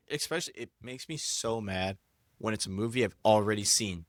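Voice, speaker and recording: A young man co-hosting a casual podcast, hyper and rambling with a jokey streak. His voice sits on the low side. The sound is close and dry. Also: fairly quick, dry recording. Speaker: podcast co-host. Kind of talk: casual podcast chat and scripture reading.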